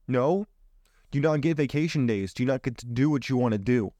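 A man's voice: mid-range voice, a little fast, dark tone, dry recording. Man firing off rhetorical questions. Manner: emphatic, fires rhetorical questions. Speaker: podcast host. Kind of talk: motivational monologue. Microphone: own microphone on camera.

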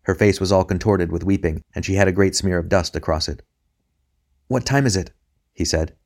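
A man reading a novel aloud as an audiobook narrator, in a measured, even manner. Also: sits low.

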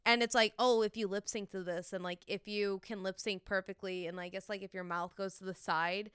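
A woman's voice: medium pitch, fairly even intonation, brisk, fairly bright tone, smooth, dry recording, studio quality. A woman from the Chicago suburbs chatting and teasing in a casual conversation. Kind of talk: casual chat.

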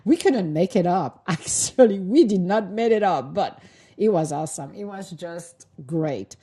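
Chatty woman host, mellow voice. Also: fairly low pitch, expressive, a little slow, slightly rough. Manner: rambling, chatty, laughs often, loose grammar. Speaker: host of a live audio talk room. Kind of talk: casual chat.

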